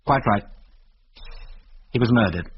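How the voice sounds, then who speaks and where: A man voicing a brisk, grim adult male pilot who speaks in a clipped, commanding way in a reading for radio. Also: mid-range voice, close to an everyday voice. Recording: dull lo-fi radio recording with faint hiss.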